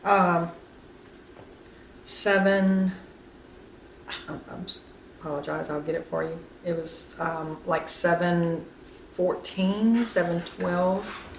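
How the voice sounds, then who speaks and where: A woman's voice: lowish voice, fairly even intonation, takes it slowly, creaky, pauses often. A woman in the family speaking hesitantly and apologetically while searching for a detail. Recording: distant, echoey, noticeable background noise.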